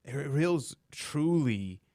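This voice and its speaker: A man hosting a morning talk radio show, giving animated, argumentative commentary and acting out quotes. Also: on the high side, takes it slowly, dry recording, clean studio sound. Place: radio studio. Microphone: studio microphone.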